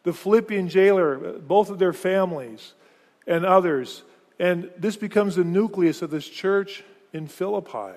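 Earnest pastor preaching in a long-echoing hall. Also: male voice, high-pitched, unhurried, a little mellow. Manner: earnest, repeats words and restarts phrases. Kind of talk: sermon. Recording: long reverb of a large hall.

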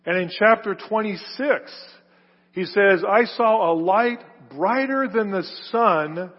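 Husky-voiced preacher in a reverberant hall. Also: male voice, slow pace. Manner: emphatic, builds to loud stressed phrases then drops low. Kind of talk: sermon. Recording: reverberant hall, dull lo-fi sound.

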